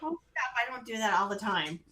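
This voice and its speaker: A woman co-hosting a casual chat, speaking haltingly with pauses and laughing easily. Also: a little high, animated, pushed and bright. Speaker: co-host.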